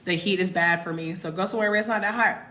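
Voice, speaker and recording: She sits on the low side in pitch and talks fast, her tone pushed and bright. The American expat content creator, in her twenties or thirties, chats casually and emphatically to livestream viewers straight from her Mexican home, captured by phone.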